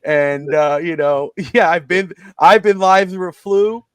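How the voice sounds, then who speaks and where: A middle-aged man hosting a casual live sports talk show, rambling and excitable and laughing often as he talks. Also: high voice, a little slow, clear, resonant tone, no echo.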